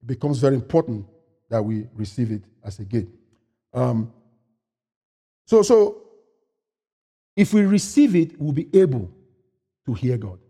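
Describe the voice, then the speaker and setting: A pastor preaching a sermon poses questions to the congregation and answers them himself, swinging between loud, high-pitched preaching and quiet asides. He's expressive and unhurried, pausing often, with a breathy edge.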